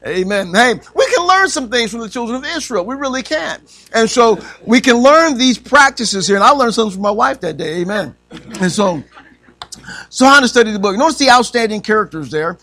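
A man's voice: very high-pitched, animated, a little fast, sharp tone. A man teaching a church Bible class, quizzing the group and saying amen after nearly every point, with frequent chuckles. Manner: says amen constantly, asks the class questions; chuckles often.

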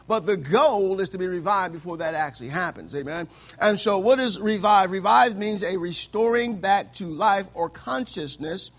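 High-voiced preacher calling amens. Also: male voice, a bit bright. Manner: call-and-response preaching, frequent amens, acts out voices in anecdotes. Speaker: pastor. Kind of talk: sermon.

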